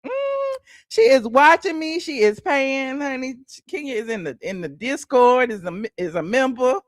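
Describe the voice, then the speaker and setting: A woman's voice: high-pitched, animated, moderate pace, dry recording. A woman hosting a casual celebrity gossip livestream, sassy and chatty, calling the audience honey and child, humming mm-hmm and laughing between points.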